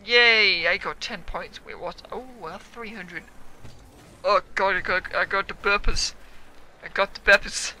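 A young man, a gaming YouTuber, giving loud, excitable commentary on his own play, yelling, swearing and laughing. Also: high-pitched, a little slow, slight background noise.

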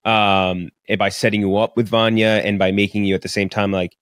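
A man's voice: lowish voice, level tone, fairly quick, a bit bright, no echo, clean studio sound. Man rambling through a movie review. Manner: rambling, filler-heavy, profane. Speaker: podcast co-host. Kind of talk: casual movie review chat. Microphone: studio podcast mic.

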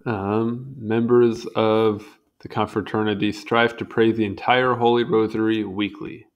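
A young man reads an encyclopedia entry aloud at an easy, casual pace, his voice sitting a little low. He trips over unfamiliar words and breaks off now and then for wry little comments. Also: flat delivery, unhurried, dull audio. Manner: stumbles over hard words and comments wryly. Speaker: reader.

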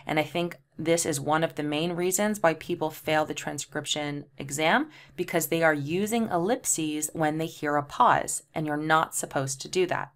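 Woman, low pitch, tutorial voice, reads examples aloud, names punctuation marks. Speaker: transcription tutor. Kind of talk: screen-share tutorial.

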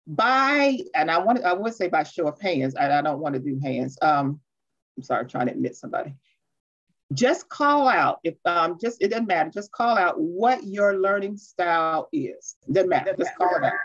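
A grandmotherly woman runs a virtual workshop for teachers, chatting fast and poking fun at herself. Her voice comes through a dull, lo-fi video call connection. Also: fairly low pitch, sing-song. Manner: fast-talking, chatty and self-deprecating. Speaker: workshop presenter. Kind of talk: online teacher training workshop.

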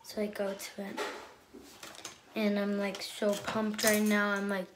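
A young woman telling a casual storytime, chatty and excitable, with many fillers. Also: mid-range voice, a little slow, noisy background.

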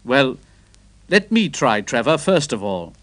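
A man voicing a genial middle-aged country vicar in a storybook, gently amused and unhurried. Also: medium pitch, sing-song.

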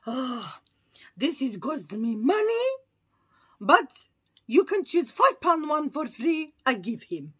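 A woman voicing a kindly middle-aged male shopkeeper who speaks slow, emphatic broken English. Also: very high-pitched, big pitch swings, a bit bright, no room sound, studio quality, pitched above the performer's own voice, full character voice. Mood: earnest pleading.

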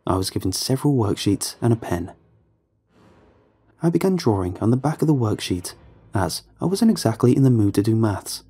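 Dark, husky male horror narrator. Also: fairly low pitch, sing-song, moderate pace.

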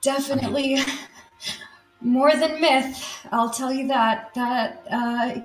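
A woman's voice: fairly high pitch, drawn-out words, reverberant, over music, poor audio. A woman player in a tabletop game, describing her character in a chatty, hesitant way with many fillers.

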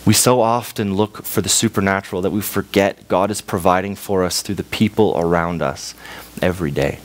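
Young Canadian man, church sermon, lowish voice, storyteller's delivery. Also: fairly even intonation, normal speed, slight background noise. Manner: storytelling, acts out voices in a parable. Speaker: preacher.

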